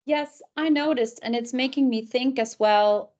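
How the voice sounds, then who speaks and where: A woman with a somewhat high voice hosts a webinar over a video call. She thinks aloud reflectively, pausing between her thoughts. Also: a little mellow, highs cut off. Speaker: webinar host. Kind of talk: moderating a webinar.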